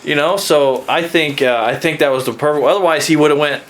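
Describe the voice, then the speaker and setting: A man's voice: fairly quick, fairly bright tone. Jokey man talking hunting tactics. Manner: jokey, voices deer in high silly tones. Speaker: podcast co-host. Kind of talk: casual hunting chat.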